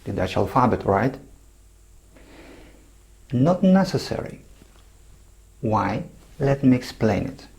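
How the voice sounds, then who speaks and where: A man gives an online language lesson at an unhurried, measured pace, his pitch sitting in a middle range. He talks straight to the viewer and leans on each letter and name as he spells them out. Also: darkish tone. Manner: slow, deliberate, addresses the viewer directly; spells out letters and names with careful stress. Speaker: Dutch language teacher.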